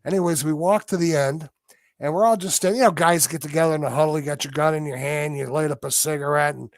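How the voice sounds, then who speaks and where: A man with a gravelly, fairly high voice tells a story as a podcast guest. He acts out the sounds himself and keeps it vivid. The sound is dry and close. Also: steady tone, quick pace, no echo.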